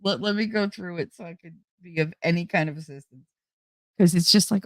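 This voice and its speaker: A woman's voice: mid-range voice, fairly quick, no echo, clean studio sound. A woman hosting a livestream, chatting casually with her viewers in a blunt, outspoken way and swearing freely. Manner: blunt, swears freely, talks straight to chat. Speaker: livestream host reading chat. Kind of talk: casual chat.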